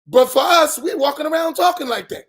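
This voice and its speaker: A middle-aged imam, giving an emphatic post-dawn-prayer talk full of rhetorical questions and bursts of raised voice. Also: male voice, very high-pitched, brisk, a bit bright. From United States.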